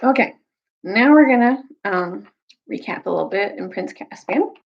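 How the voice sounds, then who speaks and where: A young woman telling a children's story, recapping and reading aloud in a casual, animated way. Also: normal speed, vocal fry, highs cut off. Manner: animated, jumps high for quoted characters.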